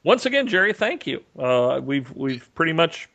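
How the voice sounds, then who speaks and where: A man's voice: a little high, normal speed, creaky, dull audio. A man co-hosting a podcast over a remote call, telling a story in casual chat and acting out the lines of the people in it. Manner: animated storyteller, acts out quotes. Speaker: podcast co-host. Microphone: remote call mic.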